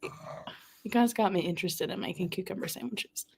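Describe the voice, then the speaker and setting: A woman's voice: medium pitch, normal speed, gravelly, a little mellow, husky. Southern woman, young, bubbly livestream host chatting with her viewers. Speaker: booktuber hosting a live reading sprint. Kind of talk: casual livestream chat.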